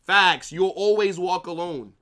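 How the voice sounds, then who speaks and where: A man's voice: high-pitched, measured pace, bright, forceful tone. A man streaming a live football watch-along, arguing with his chat in a brash, trash-talking way, swearing freely and calling viewers bro and brother.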